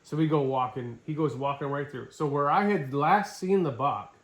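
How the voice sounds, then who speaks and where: A middle-aged man from Wisconsin telling a hunting story in casual, animated talk. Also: fairly high pitch, normal speed. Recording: echoey room.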